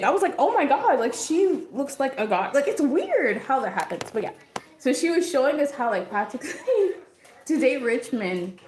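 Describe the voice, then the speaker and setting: A young woman hosting a livestream, chatting casually with lots of fillers and giggles. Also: on the high side. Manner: rambling, giggly, many fillers. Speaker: livestream host. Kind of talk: casual chat. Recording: echoey room.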